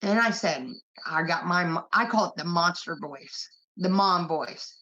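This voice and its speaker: A young woman hosts a livestream, chatting casually and rambling through stories packed with profanity. Her fairly low voice is pushed and bright, and she talks a little slowly. The stream audio is muffled and lo-fi.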